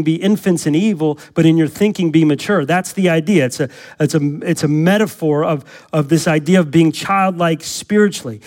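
A man preaching a sermon as pastor, his voice sitting a little higher than most men's. He presses points with urgent repetition, then drops to slow, earnest appeals. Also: a little mellow. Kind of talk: expository sermon.

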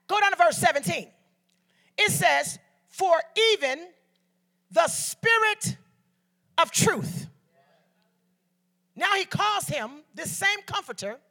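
A woman's voice: extremely high pitch, sharp tone. A woman from Detroit preaching a sermon as a guest speaker, calling on the congregation to answer back and telling stories along the way. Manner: call-and-response preaching, storytelling asides.

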